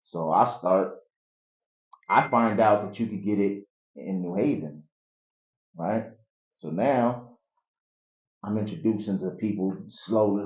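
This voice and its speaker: A man telling his life story in a casual interview, animated and acting out the people in it. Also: fairly low pitch, slow, long pauses. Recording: echoey, dull room recording.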